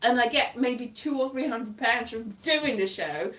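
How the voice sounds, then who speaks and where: A woman's voice: on the high side, measured pace, fairly bright tone, reverberant, distant mic. A woman from Wales chatting casually on a livestream, rambling and poking fun at herself with frequent giggles. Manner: rambling, self-mocking, giggly. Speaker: comedian.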